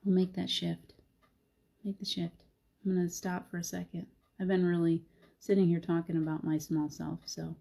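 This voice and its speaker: Middle-aged female host, soft and reflective, husky, warm low tone. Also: level tone, moderate pace. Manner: gentle, reflective, soft-spoken with frequent laughs. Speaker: host of a live spiritual talk show. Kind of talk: casual live-stream chat.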